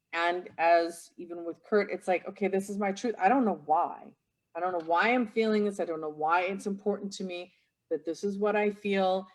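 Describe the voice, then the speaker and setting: A middle-aged woman speaking reflectively on a live stream, often restarting her sentences. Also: fairly low pitch. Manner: reflective, searching for words with restarts. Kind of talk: casual conversation on a live stream.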